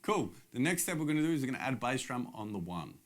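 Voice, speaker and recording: Speaking very fast in a sing-song, medium-pitched voice, a middle-aged Australian man teaches drums directly to camera. The lesson is casual and upbeat with plainly explained steps, though the recording is very noisy.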